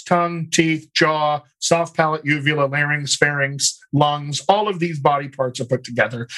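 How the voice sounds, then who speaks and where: A man with a General American accent and slight Colorado features, a dialect coach explaining his method in a calm, methodical interview. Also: fairly high pitch, husky, rough recording. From United States. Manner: explanatory, methodical, talks in lists. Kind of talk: conversational interview.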